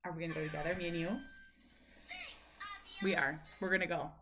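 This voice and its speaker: A woman talking with her son, soft and encouraging, breaking into playful high exclamations now and then. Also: steady tone, a little fast, music in the background. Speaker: mother of the child in the video. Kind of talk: gentle coaxing talk to her son, and a casual talk to camera.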